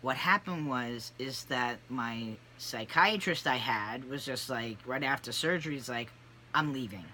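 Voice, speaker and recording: Vlogger, 30s or older, casual confessional delivery, loose and animated, bright tone. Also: mid-range voice, measured pace, few pauses, slight background noise. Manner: rambling, candid, animated with frequent fillers. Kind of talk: casual personal vlog.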